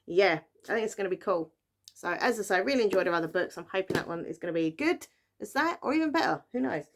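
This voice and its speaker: A woman's voice: medium pitch, animated, quick pace, a little hiss or hum. A young woman chatting casually about books she bought, rambling with plenty of fillers. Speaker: book vlogger. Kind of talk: casual book haul chat.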